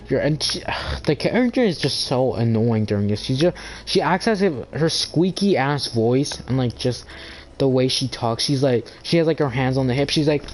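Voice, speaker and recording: A man's voice: mid-range voice, moderate pace, poor audio. Guy ranting on his channel, rambly and sweary, tons of likes, little bit of background hiss. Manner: rambling, profane, full of "like" and restarts. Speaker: gaming channel host. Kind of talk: casual ranting monologue.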